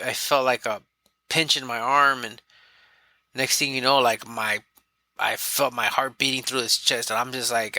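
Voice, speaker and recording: A man's voice: mid-range voice, no room sound. A man speaking as a podcast guest, candidly telling his own story in casual talk and acting out what others said. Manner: candid, animated, quotes himself and others.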